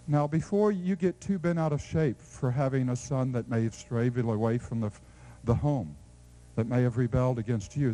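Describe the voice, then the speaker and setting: A man with a medium-pitched voice preaches a sermon as lively, playful storytelling, alternating loud exclamations with hushed asides. The audio quality is poor.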